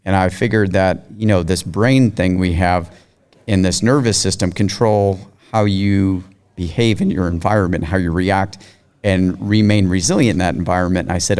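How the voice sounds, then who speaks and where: A middle-aged man, a podcast guest, telling his story in a steady, matter-of-fact way. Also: deep voice, normal speed, clean tone. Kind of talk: casual interview chat.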